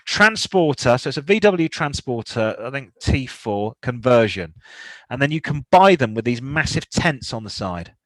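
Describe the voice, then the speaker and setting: A man's voice: medium pitch, sing-song, moderate pace, no echo, poor audio. A British man co-hosting a podcast, chatting casually and rambling through a listener's car problems. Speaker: podcast co-host. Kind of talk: casual car-advice chat.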